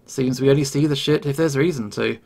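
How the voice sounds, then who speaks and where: A desperate, volatile bear man, put on by a male storyteller, crude and menacing in an audio story. His voice sits mid-range with a gravelly edge and jumps into a high screech when he snaps. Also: fairly quick, darkish tone.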